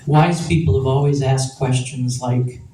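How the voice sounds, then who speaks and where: A man reciting spoken word poetry with measured, dramatic phrasing. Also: mid-range voice, fairly even intonation, mellow, far from the mic. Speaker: poet. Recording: echoey room from afar, faint noise.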